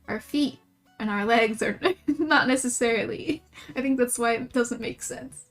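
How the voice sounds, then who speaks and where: A young woman chats on a live stream while she draws, rambling and giggling at her own jokes. Her voice sits a little high and she talks at a slow, unhurried pace. Soft music plays behind her. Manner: rambling, giggly, self-mocking. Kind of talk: casual livestream chat while drawing.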